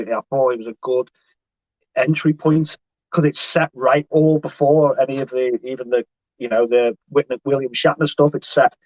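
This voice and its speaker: A man's voice: mid-range voice, dry recording. A man talking as a guest on a casual live chat, hesitant and thinking aloud with many restarts. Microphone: video call. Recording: dry, dull lo-fi call audio.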